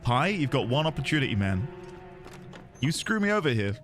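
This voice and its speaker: A man's voice: medium pitch, big pitch swings, moderate pace, a bit bright, faint music behind. A man streaming a game, chatting with his viewers in a playful, goofy way. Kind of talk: casual game-stream chat.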